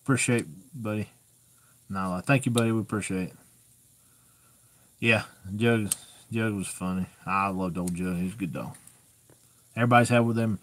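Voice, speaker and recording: A man's voice: on the low side, moderate pace, long pauses, slight background noise. A man hosting a casual live-stream Q&A, talking in a folksy, rambling, plainspoken way. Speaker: host answering viewer questions.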